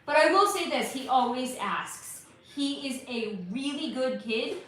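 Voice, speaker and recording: Chatty high-voiced woman livestreaming. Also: lively intonation, unhurried, a bit bright. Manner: chatty, rambling, swears casually. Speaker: livestream host. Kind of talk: casual livestream chat reading comments. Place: bright living room at home. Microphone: phone without external microphone. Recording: echoey room, faint background hiss.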